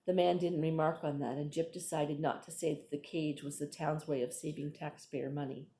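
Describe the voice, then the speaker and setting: A woman reading a novel aloud in an unhurried way, stopping now and then for asides to her listeners. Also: sits low, little pitch movement, mellow, reverberant, slight background noise. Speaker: reader.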